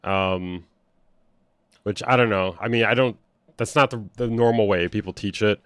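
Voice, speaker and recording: A man's voice: on the low side, normal speed, a bit bright, clean tone, dry recording, clean studio sound. Blunt sarcastic young man streaming. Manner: blunt, sarcastic, swears freely. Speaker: music producer streamer reacting to online drama. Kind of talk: casual livestream commentary.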